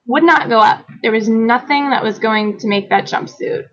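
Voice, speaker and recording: A woman guest telling a personal story in a conversational interview, animated, laughing often and acting out quoted lines. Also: on the high side, moderate pace, highs cut off. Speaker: guest author.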